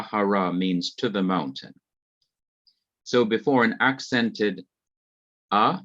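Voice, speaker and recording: A man teaching a beginner Hebrew class, explaining grammar slowly and repeating each key point. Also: lowish voice, pushed and bright, no room sound, highs cut off.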